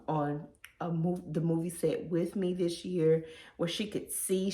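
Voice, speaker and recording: A woman's voice: fairly low pitch, a little mellow, roomy sound. A woman, talking casually and emotionally in a personal vlog. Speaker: vlogger.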